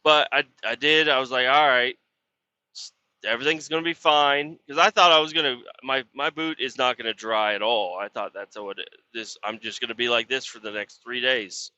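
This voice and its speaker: A water truck driver hosts a casual podcast, speaking fairly quickly with barely any pauses and fairly even intonation. His mid-range voice is sharp, the dull lo-fi audio has no room sound, and he rambles in a profane, frustrated grumble packed with fillers.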